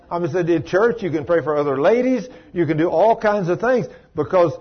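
A man's voice: on the high side, breathy edge. A man preaching a sermon, emphatic, rising and dropping his voice for stress as he tells a story. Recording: dull lo-fi recording.

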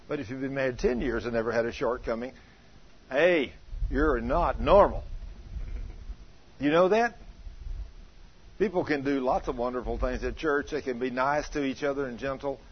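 A man's voice: medium pitch, fairly quick, slightly rough. An older man preaching a sermon, telling homey stories and asking the congregation questions, then leading a prayer. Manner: folksy storytelling, asks the congregation questions. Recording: slightly dull, faint room noise.

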